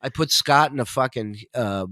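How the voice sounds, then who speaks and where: Casting: male podcast guest, animated raunchy storyteller, dead-dry studio sound. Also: medium pitch, normal speed, no echo. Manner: animated, profane, laughs while telling stories. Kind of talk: casual storytelling.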